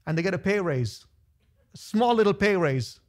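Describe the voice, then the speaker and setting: A man pastor preaching a lively sermon to his church, acting out voices of the people in his stories. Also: high-pitched, normal speed. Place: church sanctuary.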